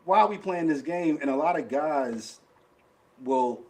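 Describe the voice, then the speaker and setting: A man's voice: a little high, lively intonation, a little slow, darkish tone. A man, chatting bluntly on a podcast and mimicking other people's voices. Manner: blunt, acts out quoted voices. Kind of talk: casual chat.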